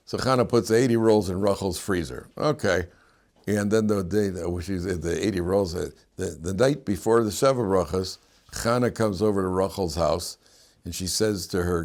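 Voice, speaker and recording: The speaker is a rabbi with a low-pitched voice and a moderate pace, giving a lecture on the weekly Torah portion. Animated and chuckling, he tells humorous, homely stories and slips Hebrew terms into English.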